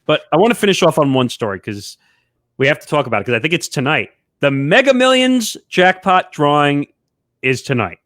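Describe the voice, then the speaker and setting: Male host, swooping lively delivery, dead-dry sound, runs the chat. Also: a little high, brisk, no echo. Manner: steers the talk, joking asides. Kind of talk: casual show chat.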